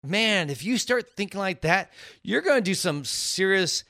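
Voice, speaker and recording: A man's voice: sits high, moderate pace. A middle-aged man co-hosting a podcast with his wife, telling stories in casual chat and acting out the voices of the people in them. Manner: animated storyteller, acts out quoted voices. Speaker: podcast co-host.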